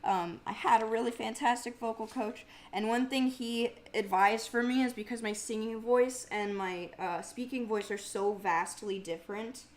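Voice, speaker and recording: A woman's voice: fairly even intonation, normal speed, few pauses. Young woman, mumbly grumbly voice, casual stream chat, swears freely. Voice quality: mumbly, grumbly low speaking voice. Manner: chatty and swears freely, laughing often. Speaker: livestream host and singer. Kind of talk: casual livestream chat reading viewer comments.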